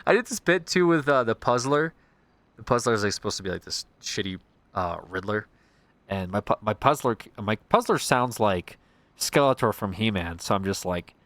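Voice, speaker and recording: A man's voice: fairly low pitch, animated, normal speed, a bit bright, dry recording. A young man, a streamer, chatting casually in a rambling way, swearing freely. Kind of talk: casual chat.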